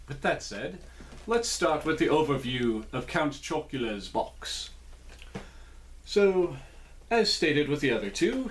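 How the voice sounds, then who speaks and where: A man reviewing cereal in a casual vlog from a small indoor room, with playful, jokey asides. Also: mid-range voice.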